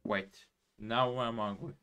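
A man giving excitable live gameplay commentary in broken English, taunting the enemies he fights. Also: mid-range voice, takes it slowly, clear, resonant tone. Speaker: gameplay streamer. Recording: game music playing underneath. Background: game music.

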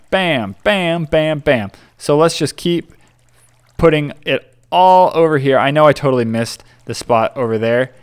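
A man's voice: a little high, smooth. A young man chatting casually while building in Minecraft, rambling and often stumbling over his words. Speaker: gaming YouTuber.

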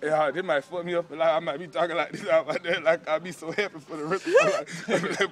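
A man's voice: a little high, sing-song, fairly quick, few pauses. A man from Georgia with a rural Southern accent, joking and cutting up with friends in a yard, laughing and swearing freely. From Georgia, USA. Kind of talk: casual joking among friends. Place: yard outdoors with a group. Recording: loud group of friends around.

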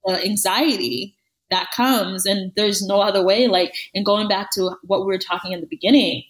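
A woman's voice: medium pitch, steady tone, normal speed, low-quality recording. Woman podcast co-host, casual and emphatic, mid-range voice, repeats lines for stress. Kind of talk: casual chat.

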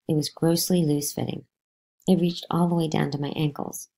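A woman reading a novel aloud to a class, lively, with pitch jumps on the spoken lines. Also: normal speed, creaky.

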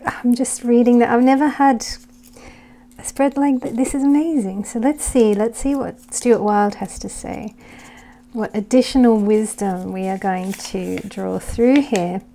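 A woman doing a tarot reading to camera, talking gently and reassuringly, thinking aloud with halting restarts and sometimes dropping to a soft whisper. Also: a little high. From United Kingdom. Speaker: tarot reader.

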